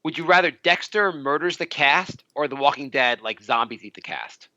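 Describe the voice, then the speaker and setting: A man with a bright, forceful voice, ribbing his co-host in loose podcast banter. He talks a little higher than most men, joking and swearing casually. The sound is dry and slightly dull. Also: lively intonation, moderate pace, dry recording. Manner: teasing, profane, joking.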